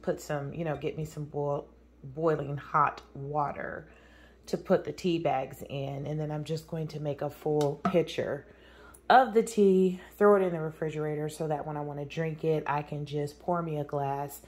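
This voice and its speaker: A chatty woman talks to her viewers in a casual home vlog. Her voice sits a little low, and she jokes and laughs easily as she goes. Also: steady tone, moderate pace, darkish tone. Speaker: vlogger.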